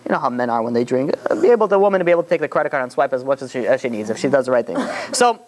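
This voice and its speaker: A man's voice: mid-range voice, expressive, very fast, a little mellow. A man, a rabbi, retelling a story in a casual, rambling way, full of "you know" fillers and restarts.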